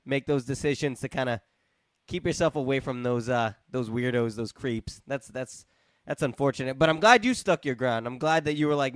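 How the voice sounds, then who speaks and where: A man's voice: medium pitch, normal speed, fairly bright tone, smooth, dry recording. A man hosts a casual podcast chat in a mid-range voice. He rambles and repeats words, and his voice sounds dry and close. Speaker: podcast host.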